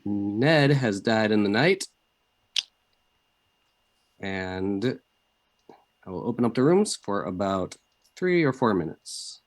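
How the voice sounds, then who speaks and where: Brisk man moderating a game. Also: fairly low pitch, sing-song. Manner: brisk, procedural. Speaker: storyteller running an online social deduction game.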